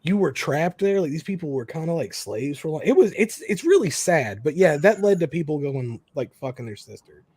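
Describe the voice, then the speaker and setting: A man's voice: on the high side, animated, a little fast, hardly any pauses, darkish tone, husky. A man from western Kentucky in casual podcast chat, rambling, swearing and saying "like" a lot. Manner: rambling, profane, full of "like".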